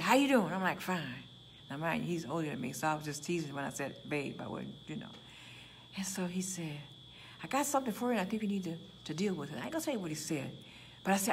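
A woman's voice: mid-range voice, slight background noise. Woman pastor, Chicago accent, conversational sermon with acted-out asides, faint ambience behind. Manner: lively, conversational, acts out prayers and dialogue.

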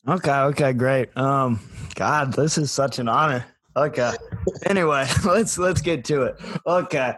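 A man's voice: mid-range voice, unhurried, a bit bright. A young man co-hosting a casual podcast, telling a story with hesitations, restarts and frequent laughter. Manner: hesitant, self-correcting, laughs often. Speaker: podcast co-host. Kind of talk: casual chat.

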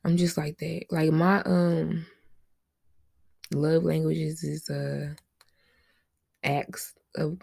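A woman's voice: low voice, little pitch movement, drawn-out words, vocal fry, pauses often, a little mellow, breathy edge, no echo, clean studio sound. A young woman hosting a solo podcast, chatting casually with lots of slang, rambling asides and frequent laughs. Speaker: podcast host.

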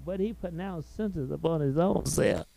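A man's voice: a little high, moderate pace, vocal fry, mellow. A man preaching a sermon as pastor, peppering his telling with amens and hallelujahs and rising into dramatic cries.

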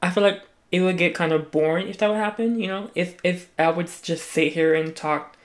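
With a steady, mid-range voice and a brisk pace, a young adult chats casually into a mic on a solo podcast. The talk rambles, keeps restarting, and is packed with swearing.

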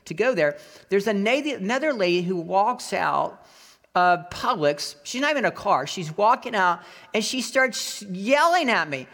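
A male pastor delivering a sermon, telling a personal story with animated acted-out voices. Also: sits high, normal speed. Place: Florida.

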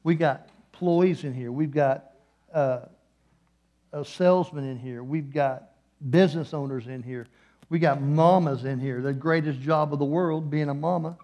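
A man preaching a sermon in a church, moving between hushed, slow passages and loud, passionate peaks. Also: on the high side, highs cut off. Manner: impassioned, swings from hushed to loud. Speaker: guest preacher.

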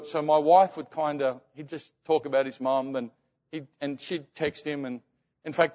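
A man preaching as a pastor, telling a story and often halting and repeating words. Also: medium pitch, a little mellow. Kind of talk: sermon storytelling. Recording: muffled sound in reverberant hall.

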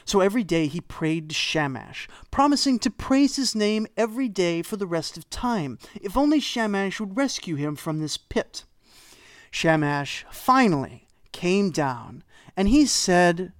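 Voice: mid-range voice, big pitch swings, unhurried, no echo. A storyteller retelling an old myth with wry asides and dry humor.

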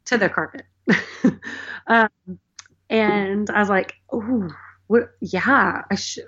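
Woman, 30s, earnest podcast guest; rambling, sincere delivery; mid-pitched; slightly dull recording. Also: slow, a bit bright. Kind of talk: casual faith conversation.

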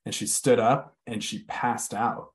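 A man in casual conversation, telling a personal story candidly, swearing freely with lots of filler words and slowing down on heavy moments. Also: mid-range voice, steady tone.

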